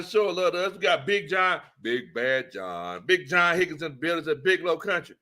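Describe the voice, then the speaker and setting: Male stream host, higher voice, lively, laughs a lot, greets viewers by name. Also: moderate pace. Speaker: sports talk host. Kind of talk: casual live-stream chat.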